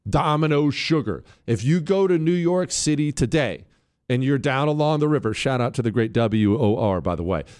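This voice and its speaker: A man's voice: mid-range voice, animated, moderate pace, darkish tone, clear, resonant tone. A man hosting a talk radio show, delivering an opinionated monologue in a conversational way, with asides to his studio crew.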